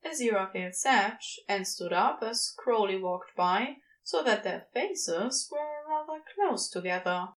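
A woman narrating a story in an expressive reading voice. Her pitch sits a little high and moves about a lot. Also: a little slow, hardly any pauses, poor audio. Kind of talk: scripted narration.

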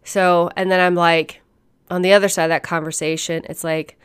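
A woman's voice: on the low side, flat delivery, normal speed, clean tone. A woman coach telling a casual, blunt story with frequent swearing and laughter. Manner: blunt and profane, laughs often. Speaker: fitness and nutrition coach.

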